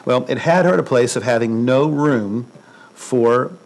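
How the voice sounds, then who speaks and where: A man's voice: medium pitch, unhurried, a little mellow, poor audio. A man, a pastor, giving a conversational sermon in an earnest way, repeating words for emphasis.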